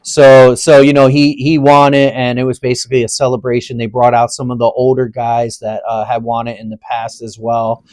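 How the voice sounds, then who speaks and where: Male podcast co-host, mid-pitched, relaxed and slangy, easygoing chat. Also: normal speed, hardly any pauses, dry recording. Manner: laid-back, slangy, agreeable. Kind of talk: casual chat.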